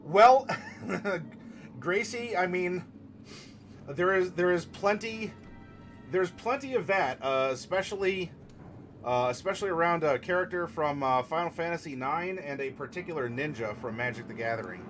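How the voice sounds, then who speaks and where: Higher-voiced, playful male streamer. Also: expressive, moderate pace. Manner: playful and punny, turning gentle and consoling. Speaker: streamer hosting a tabletop game channel. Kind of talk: casual live-stream chat, answering viewer comments. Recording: music playing clearly behind the voice.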